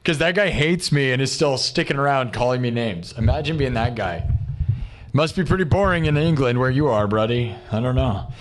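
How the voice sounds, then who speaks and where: A man's voice: medium pitch, expressive, normal speed. A young man hosting a live music stream, chatting casually with viewers in a brash, ranting way, full of "dude" and "bro". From United States. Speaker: livestream music host.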